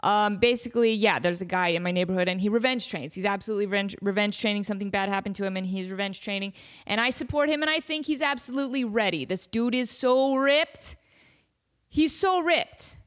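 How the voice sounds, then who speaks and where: A woman's voice: mid-range voice, fairly quick. A young woman hosting her podcast who rambles on in a casual, playful way. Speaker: podcast host.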